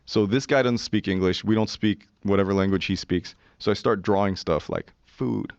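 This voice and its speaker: A man in his forties with a fairly low voice tells a story as a podcast guest, animated and profane, slipping into the voices of the people he quotes. His studio mic sounds dry and dull, with a lo-fi edge. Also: moderate pace, creaky, no echo. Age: 40s. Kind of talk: casual storytelling.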